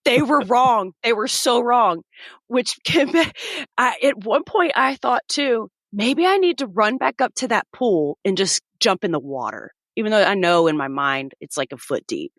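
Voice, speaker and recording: A woman's voice: medium pitch, animated, normal speed, a bit bright, no echo, clean studio sound. A woman in her thirties, a podcast guest, vividly telling a personal story and acting out the voices of the people in it.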